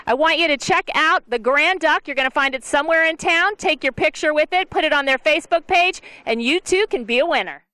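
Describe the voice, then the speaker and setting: Bubbly high-voiced woman host. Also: fairly quick, few pauses, bright, forceful tone, no echo. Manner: bubbly, exclamatory, joking. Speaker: local TV host interviewing. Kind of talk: upbeat promo interviews. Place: outdoors in a town street.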